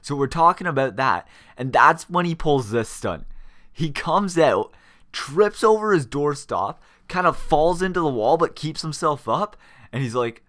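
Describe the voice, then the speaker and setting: A man's voice: a little high, measured pace. A young man hosting a gaming channel, telling a story casually with plenty of swearing and laughter. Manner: animated, swears freely, laughs while telling.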